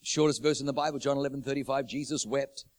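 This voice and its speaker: A man's voice: mid-range voice, steady tone, quick pace. A man preaching a sermon, repeating his phrases for emphasis and building urgency.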